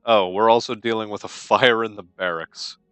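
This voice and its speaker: A man's voice: fairly low pitch, steady tone, moderate pace, fairly bright tone, clear, resonant tone, no room sound, faint music behind. A young man giving casual let's-play commentary on a strategy game, with dry, wry understatement.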